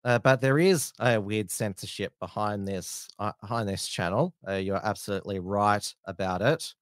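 A man hosting a casual live-stream news show, talking in halting bursts with many "uh" fillers and restarts. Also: fairly low pitch, dry recording, clean studio sound. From Australia.

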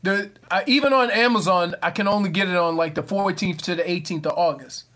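High-pitched animated male co-host. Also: fairly quick. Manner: animated storyteller. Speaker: radio co-host. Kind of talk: casual sports radio chat.

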